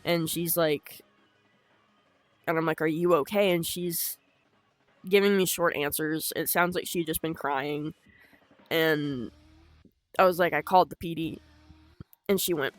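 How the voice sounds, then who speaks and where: A woman's voice: fairly low pitch, fairly even intonation, a little slow, pauses often, dry recording, soft background music. A woman telling a personal story unscripted, in a blunt, rambling and emotional way, swearing a lot.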